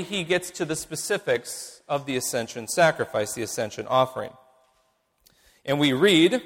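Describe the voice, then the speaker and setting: Preacher, male, slightly high and very lively voice, measured teaching sermon with emphatic repetition, long church-hall reverb. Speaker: pastor.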